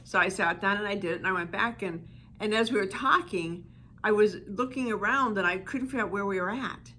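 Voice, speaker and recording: A woman's voice: mid-range voice, a little fast, bright, forceful tone, a little hiss or hum. A woman coaching listeners on inner child healing in a reflective, conversational talk full of "you know" asides.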